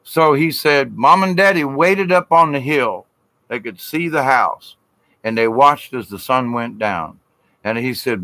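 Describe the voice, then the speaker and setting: A man with a Southern US drawl tells a ghost story in a loose, rambling way. He keeps saying "he said" and drags out words for suspense. His voice is bright and forward, and it is recorded close and dry with no room echo. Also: mid-range voice. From Southern United States. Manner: rambling, repeats "he said", drawn-out dramatic pauses. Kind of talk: casual spoken ghost story.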